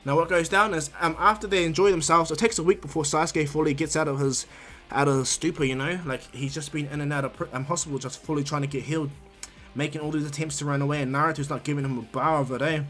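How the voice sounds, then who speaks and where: A young New man tells a fan story in a loose, rambling way, full of "um"s and asides. His voice sits a bit high for a man. Faint music runs under his talk. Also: fast talker. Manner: rambling, filler-heavy, animated. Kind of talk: casual fan-story retelling.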